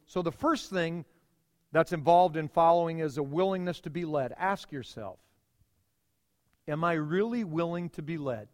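High-voiced man preaching in a reverberant church. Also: darkish tone. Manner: emphatic preaching with dramatic pauses and repeated phrases. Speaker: pastor. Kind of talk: sermon.

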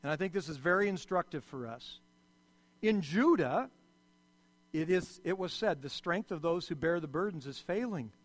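A man, a pastor, preaching a sermon, his loudness swelling and dropping sharply as he speaks. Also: on the high side, expressive, moderate pace. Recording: long hall reverb.

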